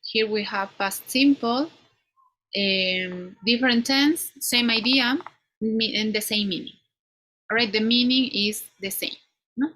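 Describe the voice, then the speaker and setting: A woman teaching an English grammar class, explaining slowly and ending many points with "no?". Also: a little high, fairly bright tone, poor audio. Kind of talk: online class lecture.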